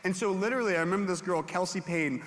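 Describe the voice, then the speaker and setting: A young man preaching to middle schoolers as their youth pastor, animated and storytelling, who jumps into high voices for classmates. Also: quick pace. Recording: hall reverb.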